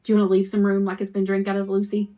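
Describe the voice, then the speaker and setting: A woman's voice: mid-range voice, completely flat delivery, very fast, dark tone. A woman hosting a crafting live stream, chatting to viewers in a rambling, conversational way while she works. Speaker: custom cup shop owner hosting a live stream.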